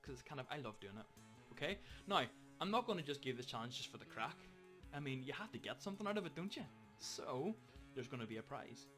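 A young man talks to kids as their drum teacher, upbeat and joking at his own expense. His voice sits at an ordinary middle pitch. Faint guitar music plays underneath. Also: sing-song, quick pace, a bit bright. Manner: jokey, upbeat, self-mocking. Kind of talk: casual video lesson for children.

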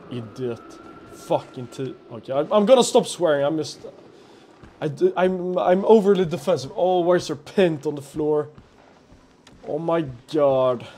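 A man's voice: fairly high pitch, mellow, slight background noise. A man playing a horror game for a let's play, talking to himself in a jumpy, nervous way, swearing and laughing nervously.

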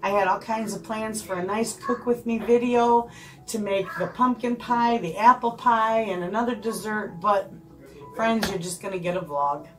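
A woman's voice: mid-range voice, moderate pace, music in the background. An older woman vlogging casually from her home kitchen, chatting to her viewers as friends. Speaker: homestead vlogger.

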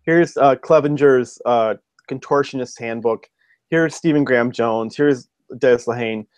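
A man's voice: medium pitch, unhurried, a little mellow, clean tone, dry recording. Rambling man telling stories, dry sound. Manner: rambling, with frequent ums and restarts. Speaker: podcast guest, fiction writer. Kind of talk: casual storytelling chat.

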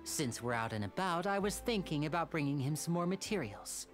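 This is a woman playing a charming young male stage magician from a video game. The voice sits low and moves with lively, rolling intonation, and the delivery is smooth, teasing and quietly persuasive. Faint music plays underneath. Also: fairly quick.

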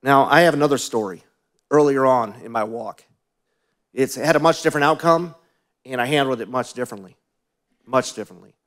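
A male pastor giving a sermon, telling personal stories in a conversational way and asking the congregation questions, often dropping to quieter asides. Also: medium pitch, brisk, pauses often.

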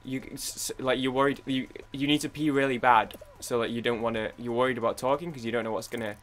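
A man's voice: medium pitch, steady tone, fast, fairly bright tone. A young British man chatting casually while playing a game, rambling with many restarts and idle humming. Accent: British English. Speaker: gaming YouTuber. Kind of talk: casual gaming commentary.

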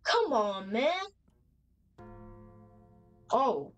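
A woman's voice: on the high side, big pitch swings, very slow, dull audio, soft background music. A young woman casually commenting as she plays a horror game, chatty and nervous, reacting aloud with slang. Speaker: gamer playing a horror game. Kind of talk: casual let's-play commentary.

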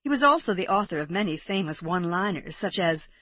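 A woman reading a short story aloud as an audiobook narrator, in a measured way. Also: fairly low pitch, animated, fairly bright tone, husky, no echo. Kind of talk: scripted literary narration.

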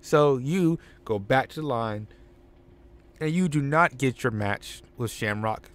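Brief: man as a bossy wrestling promoter, emphatic and high-pitched. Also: expressive, slow pace.

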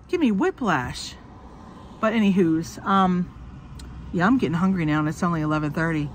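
Fairly low in pitch and a bit bright, this woman's voice moves briskly over slight background noise. She records herself on her phone in a car, chatting and joking through a cough, often swearing and laughing.

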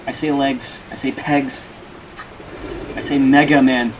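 A man streaming a game with casual, joking and profane commentary, bursting into loud outbursts. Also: mid-range voice, flat delivery, a little slow, a little hiss or hum.

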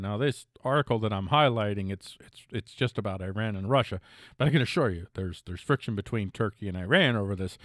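A man's voice: medium pitch, a bit bright, dry recording. A middle-aged man hosts a casual news commentary show, his voice swinging widely up and down as he reads headlines. He keeps cutting in with jokey, self-mocking asides, stumbling and restarting now and then. The sound is close and dry, with no room around it.

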